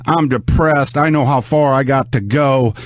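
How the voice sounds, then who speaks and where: A man's voice: mid-range voice, measured pace, no echo. A man talking casually on a podcast, rambling and swearing, sounding sore and worn out. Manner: rambling, profane, restarts often.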